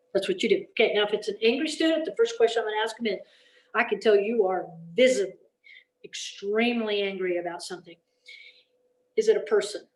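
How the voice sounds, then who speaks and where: A woman with a mid-range voice leads a teacher workshop, and she talks in a folksy, emphatic way. She keeps checking in with her listeners, dropping "okay?" after her points. The room around her has a noticeable echo. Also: mid-range voice. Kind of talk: energetic classroom-management talk. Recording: echoey room.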